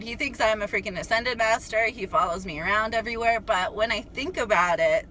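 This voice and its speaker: Bright-voiced chatty young woman. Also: mid-range voice, a little hiss or hum, low-quality recording. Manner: chatty, animated, heavy use of "like"; swears casually. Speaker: spiritual vlogger. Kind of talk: casual storytelling to camera.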